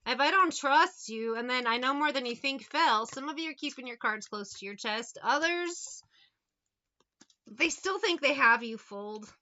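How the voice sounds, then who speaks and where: A woman's voice: sits high, moderate pace, pushed and bright, dull audio. A woman giving a casual tarot reading, sassy and profane, who drifts off on tangents. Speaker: tarot reader.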